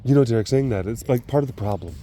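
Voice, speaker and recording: A man's voice: mid-range voice, fast talker, warm tone, a little hiss or hum. A man hosting a casual vlog at a big cat facility, telling a story with laughs and cooing fondly at the animals. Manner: chatty, laughing, coos affectionately at the animals. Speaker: animal caretaker and vlog host.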